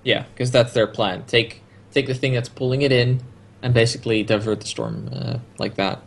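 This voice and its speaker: A man's voice: mid-range voice, big pitch swings, moderate pace, creaky, slight background noise. Man adding dry, jokey asides. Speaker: podcast co-host. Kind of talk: casual chat.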